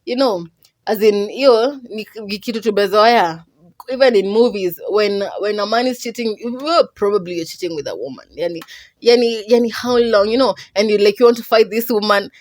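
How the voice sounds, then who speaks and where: A woman's voice: mid-range voice, normal speed, no echo. A young Kenyan woman hosting a podcast, chatting expressively through a movie review and slipping between English and Swahili.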